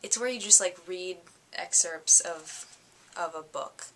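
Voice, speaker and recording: A tired young woman recapping her week in a chatty, excitable vlog, full of fillers. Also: lowish voice, unhurried, a little hiss or hum. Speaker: fashion vlogger.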